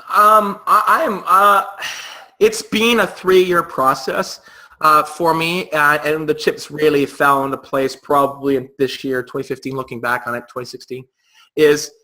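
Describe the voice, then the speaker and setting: A man's voice: on the high side, sharp tone, low-quality recording. A man talking frankly as a guest in a casual interview, often stumbling and repeating words as he goes. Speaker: real estate agent, guest.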